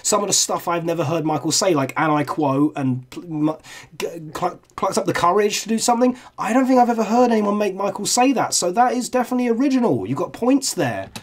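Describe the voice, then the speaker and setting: A young man talks through his reviews in a loose, candid way, cursing freely as he goes. His voice sits a little higher than most men's. The tone is casual chat, like a long reaction commentary. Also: lively intonation, a little fast. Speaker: video reviewer.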